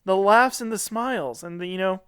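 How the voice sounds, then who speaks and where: A man's voice: sits high, a little fast, fairly bright tone, clear, resonant tone, no echo, clean studio sound. Man playing a mock-earnest comedy podcaster. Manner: mock-earnest, laughs often. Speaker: podcast co-host. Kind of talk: satirical comedy podcast banter.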